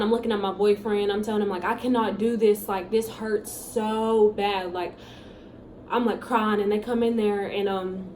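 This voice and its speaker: A young woman telling her own story in a casual, animated way, acting out what people said. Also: mid-range voice. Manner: animated, chatty storytelling with acted-out quotes. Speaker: vlogger. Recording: echoey room with faint background hum.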